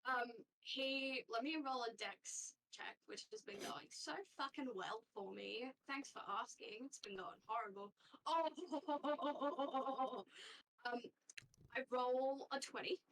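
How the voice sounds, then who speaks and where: A woman's voice: sits high, slow pace, fairly bright tone, far from the mic, low-quality recording. A woman as game master narrating a tabletop game, rambling with frequent fillers and casual swearing.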